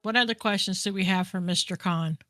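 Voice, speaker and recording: Woman player, bright sharp voice, blunt teasing, dry. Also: medium pitch, fairly quick, no echo. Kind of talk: tabletop role-play chat.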